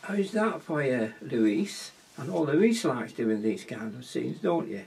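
A man's voice: medium pitch, very animated, takes it slowly, creaky, darkish tone, breathy edge. A man with a Wigan accent, teaching watercolour painting in a casual, chatty way, often asking viewers questions and muttering to himself as he paints. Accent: Wigan, Lancashire. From Wigan, England.

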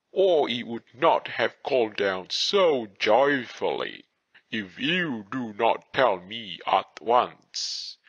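A man voicing a strong, greedy fighter who bullies in slow, demanding speech in a storybook audiobook. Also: fairly low pitch, sharp tone, muffled recording, heavily acted.

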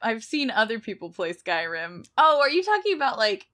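A woman co-hosting a comedic podcast, exasperated and sarcastic, quick to push back on her partner. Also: a little high, big pitch swings, a bit bright. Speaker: podcast co-host. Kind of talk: casual comedic banter.

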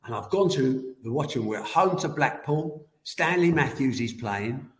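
A man in his seventies, a guest telling animated anecdotes and laughing through them. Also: mid-range voice, moderate pace. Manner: animated, laughs as he tells the story. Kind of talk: anecdotal storytelling. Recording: roomy echoey room.

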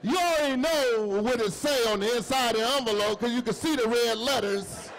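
A man's voice: very high-pitched, moderate pace, hardly any pauses. A middle-aged man doing a stand-up comedy set, telling stories with acted-out dialogue. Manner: animated storytelling with acted-out dialogue. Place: comedy club stage with audience. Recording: live set with faint crowd. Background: audience laughter.

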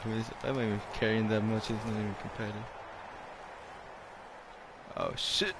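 A young man streaming gameplay live, swearing often, laughing and reacting loudly to plays. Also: lowish voice, little pitch movement, normal speed, noisy background. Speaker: gaming streamer. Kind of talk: casual live gameplay commentary.

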